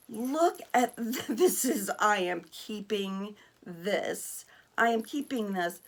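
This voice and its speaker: A woman vlogger chatting casually while unboxing gifts, gushing and excitable, exclaiming and laughing often. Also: mid-range voice, slow pace. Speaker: vlogger opening mail.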